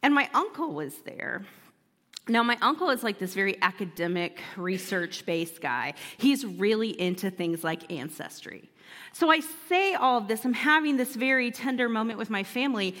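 A woman pastor telling a personal story in an animated, humorous sermon, laughing as she goes. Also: on the high side, normal speed, big-room sound.

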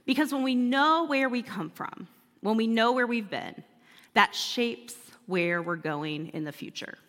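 Woman preaching a sermon, upbeat and chatty, bright tone, echoey hall sound. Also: fairly high pitch, measured pace. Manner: animated storyteller, laughs often. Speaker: pastor. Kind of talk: sermon with personal story.

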